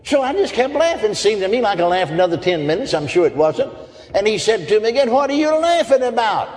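High-voiced chuckling preacher in an echoing hall. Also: male voice, animated, fast talker, darkish tone. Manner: folksy, chuckling storyteller who asks the crowd for amens. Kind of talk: sermon with personal stories. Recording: long hall reverb.

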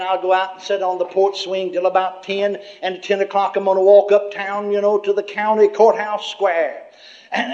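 Before a church congregation, a high-voiced male preacher with a darkish tone gives a sermon testimony. His folksy storytelling is full of chuckling asides and many "you see"s. The recording is muffled and lo-fi.

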